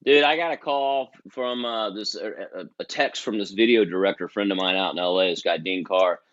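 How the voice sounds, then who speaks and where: A man chatting as a guest, telling an animated story and acting out other people's lines. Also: sits low, fairly quick, dull audio. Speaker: guest musician. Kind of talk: casual chat.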